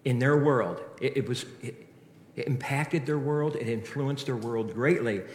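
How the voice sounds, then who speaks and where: A man preaching in a church, asking his listeners earnest rhetorical questions and often restarting his sentences. His voice sits at an ordinary pitch for a man. The sanctuary is roomy and rings with a long reverb. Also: unhurried, slight background noise. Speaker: pastor. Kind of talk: sermon. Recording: echoey hall reverb.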